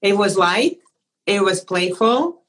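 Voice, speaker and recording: A woman at a middle pitch hosts a conversation, warmly affirming what her guest has said. She thinks aloud as she talks, restarting her sentences and circling back to a point. Her delivery is loose and conversational. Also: expressive, slow, rough recording. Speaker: host. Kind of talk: interview conversation.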